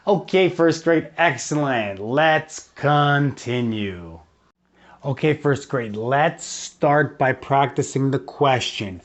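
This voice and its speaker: A man teaching English to young children, singing and speaking slowly so they can repeat, switching into to explain. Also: on the high side, expressive, highs cut off. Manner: slow, drawn-out words for children to repeat. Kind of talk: children's English lesson with songs. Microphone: video lesson recording.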